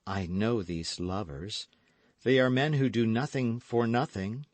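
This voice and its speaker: A man's voice: on the low side, unhurried, dry recording, voice pushed up, lightly acted. A man reading an audiobook, voicing a vindictive, scheming noblewoman in a coaxing, calculating manner.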